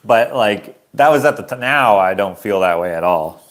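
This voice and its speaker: A rambling, easygoing man from Canada talks to his viewers in a relaxed livestream chat. His voice sits on the low side, and he chuckles at himself as he goes. He is an artist selling his prints. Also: normal speed.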